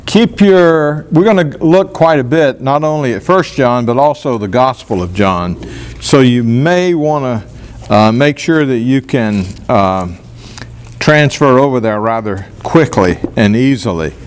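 Male Bible teacher, mid-range voice, very slow deliberate classroom delivery. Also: mid-range voice, expressive, smooth. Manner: slow, deliberate, stresses single words.

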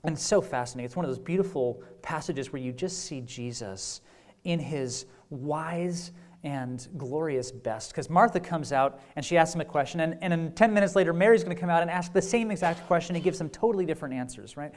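A man preaching a teaching session with an easy, conversational manner. He sprinkles in "right?" checks and dry little jokes, and the fillers and restarts keep it relaxed. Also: on the high side, brisk. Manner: wry humor. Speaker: pastor. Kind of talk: conference teaching talk.

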